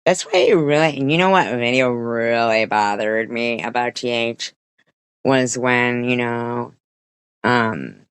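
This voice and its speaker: A woman's voice: very deep voice, slow pace, clear, resonant tone, no echo. A woman streamer giving a rambling, profane commentary rant, with many restarts and quoted voices.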